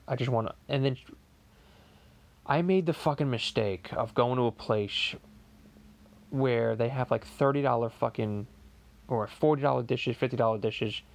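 A man's voice: medium pitch, vocal fry, lightly acted. A man voicing Stewie as a podcast host, delivering a rambling, profane comedic monologue full of stammering restarts. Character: Stewie as a crude, ranting male podcaster.

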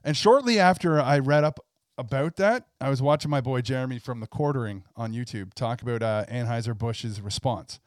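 A man's voice: medium pitch, brisk, no echo, studio quality. A man co-hosting a casual podcast, reading a letter aloud with mocking commentary. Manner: reads a corporate letter aloud in a mock voice. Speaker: podcast co-host.

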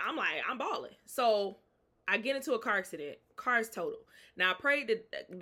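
Bright-voiced Southern US woman telling her story. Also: medium pitch. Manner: animated, acts out dialogue, addresses listeners as y'all. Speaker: podcast host. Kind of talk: personal faith testimony, casual storytelling.

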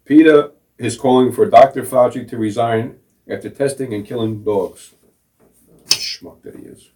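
A middle-aged man with a medium-pitched, warm voice co-hosts a casual talk show, speaking a little slowly. He's sarcastic and mocking, laughing at his own jokes, and he sits at a distance off the mic.

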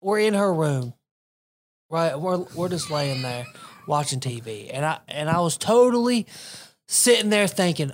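Male co-host, crude and laid-back, animated pitch in casual talk. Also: measured pace, a little hiss or hum. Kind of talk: casual chat, storytelling.

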